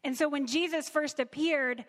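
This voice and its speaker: A woman's voice: high-pitched, moderate pace. Earnest woman teaching scripture in a hall. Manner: earnest, conversational, reads scripture aloud. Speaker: Bible teacher. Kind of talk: Bible teaching.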